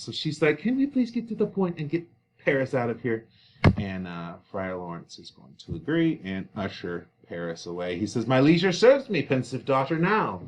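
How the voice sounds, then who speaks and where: A man's voice: sing-song, normal speed. Guy walking through a play, reads the lines then explains them in plain talk, voice jumps up and down a lot. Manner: reads quoted lines louder and higher, then paraphrases casually; conversational with fillers. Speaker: teacher.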